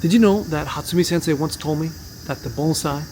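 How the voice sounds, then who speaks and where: A martial arts teacher and vlogger in his fifties from Miami, Florida, USA, tells stories to camera in a chatty, joking way. His voice is a little high and fairly quick, with background noise.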